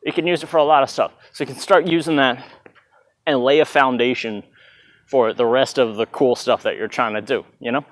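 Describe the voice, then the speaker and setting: A man's voice: medium pitch, steady tone, fairly quick, dry recording. A man giving a casual dance tutorial in a loose, chatty way, counting out moves with "bah" sounds, sometimes moving away from the mic. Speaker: dance instructor. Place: outdoors in hot weather. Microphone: plugged-in mic, sometimes stepping away.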